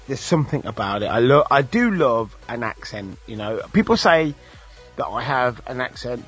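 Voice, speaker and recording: A husky-voiced man from England co-hosting a relaxed radio show. He talks in loose, jokey runs, and his pitch swings widely as he goes. Faint music sits behind him. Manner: chatty, jokey, puts on voices in quick bits. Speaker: radio co-host. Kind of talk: casual radio chat.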